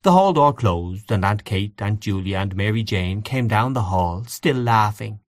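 Low, expressive male audiobook narrator. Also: a little slow, dry recording.

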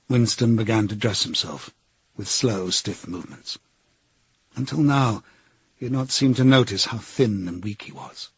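A man narrating a novel as an audiobook in a measured, grave way. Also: on the low side, breathy edge, dry recording, dull audio.

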